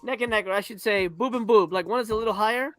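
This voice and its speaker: A man's voice: sits high, fast talker, fairly bright tone, no echo, soft background music. A man on a movie review panel, talking in a crude, sarcastic, rambling way and laughing often. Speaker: podcast panelist. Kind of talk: casual movie review chat.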